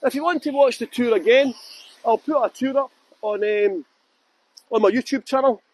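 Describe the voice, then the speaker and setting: On a live-streamed walking tour through town at night, a middle-aged Scottish guide with a heavy accent talks to viewers by name and laughs often. His voice is very high-pitched and husky, at a moderate pace.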